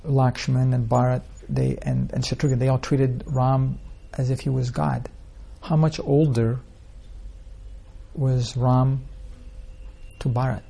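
A man's voice: mid-range voice, level tone, slow, gravelly, mellow, husky. A man teaching an informal scripture class, telling stories in a rambling way and asking the listeners rhetorical questions. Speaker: spiritual teacher.

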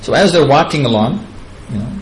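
A man's voice: mid-range voice, lively intonation, brisk, a little hiss or hum, poor audio. Chuckling man telling devotional stories. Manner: chatty and digressive, chuckling at his own asides. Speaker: spiritual teacher. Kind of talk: devotional storytelling lecture.

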